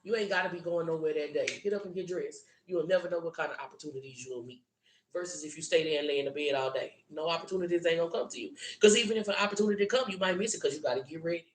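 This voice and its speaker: A woman's voice: deep voice, rapid-fire, reverberant. A woman with a South Louisiana Southern drawl giving a blunt, profane, preachy tarot reading. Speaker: tarot reader. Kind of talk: solo tarot reading monologue.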